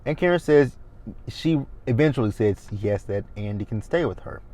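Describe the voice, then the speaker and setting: A man's voice: mid-range voice, expressive, normal speed, warm tone. A man in his thirties recapping a TV episode in a casual, blunt and opinionated way. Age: 30s. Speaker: TV recap host.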